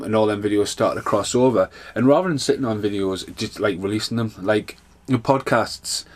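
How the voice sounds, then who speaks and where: Sweary rambling man, lowish voice. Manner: rambling, sweary, animated storytelling. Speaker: podcast host. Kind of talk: casual solo rant.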